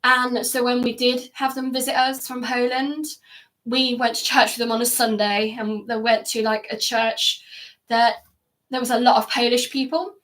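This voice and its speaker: Brief: woman recording a personal vlog at home, fairly high voice, hesitant and reflective. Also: level tone, a bit bright, distant mic. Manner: hesitant, many fillers, halting restarts. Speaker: vlogger. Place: upstairs at home indoors.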